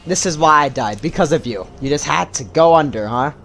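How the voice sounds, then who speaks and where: A young man commenting on his gameplay with loud, panicky, swearing outbursts. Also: on the high side, lively intonation, fairly quick, vocal fry, slight background noise. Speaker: gamer streamer.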